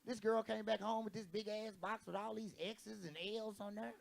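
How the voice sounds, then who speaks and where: Holding a handheld mic in front of a live comedy audience, a brash comedian with a high, gravelly voice delivers his set at normal speed and in a level tone. He swears without restraint and impersonates the people in his stories.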